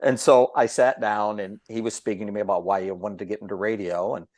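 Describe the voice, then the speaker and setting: A chatty man with a fairly low voice spins his stories with animation and drops into the voices of the people in them. The sound is dry and close, with no room in it. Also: brisk, no room sound. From Ohio. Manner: animated storyteller who acts out quoted voices. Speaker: podcast guest, broadcaster. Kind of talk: storytelling in casual chat.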